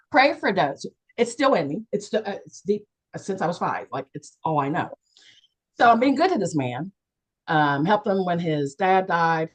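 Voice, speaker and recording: A woman from West Virginia candidly telling her personal story on a video call, animated and acting out the voices of the people in it. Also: sits low, low-quality recording. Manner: animated, acts out quoted people with big jumps in voice. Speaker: panelist and co-author sharing a near-death experience.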